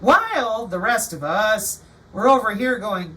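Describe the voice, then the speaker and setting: A woman hosting her channel in an animated, sarcastic livestream monologue. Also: mid-range voice, a little slow, far from the mic, noisy background. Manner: animated, sarcastic, acts out quotes. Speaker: channel host.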